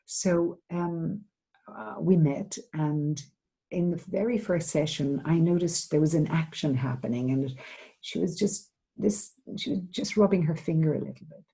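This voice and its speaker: Middle-aged woman from Ireland, seminar speaker; dark, gravelly voice, gentle, thoughtful delivery. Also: sits low, a little slow, poor audio. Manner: gentle, reflective, with hesitant restarts. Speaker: trauma therapist giving a seminar. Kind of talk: seminar talk, answering a question.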